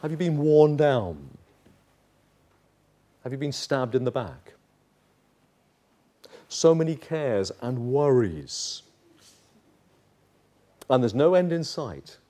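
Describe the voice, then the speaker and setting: A pastor preaching a sermon, putting direct questions to the congregation and building to urgent, impassioned pleading. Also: male voice, medium pitch, very animated, takes it slowly, pauses often, mellow. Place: chapel.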